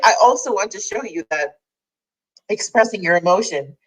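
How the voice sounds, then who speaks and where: A woman's voice: medium pitch, lively intonation, normal speed, husky, rough recording. A woman hosting a daily online community chat, talking candidly and rambling, with frequent laughs. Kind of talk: casual heartfelt livestream chat.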